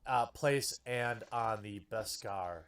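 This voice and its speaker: A man's voice: fairly low pitch, slow, a bit bright. A man in a played video, giving scripted news-style commentary with a sarcastic edge. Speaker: YouTube commentator.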